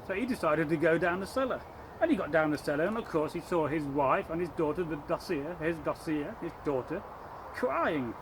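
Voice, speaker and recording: Lively rambling male storyteller. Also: fairly high pitch, slight background noise, poor audio. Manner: lively, rambling, self-correcting; speaks to listeners, points to props. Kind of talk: live oral folktale telling.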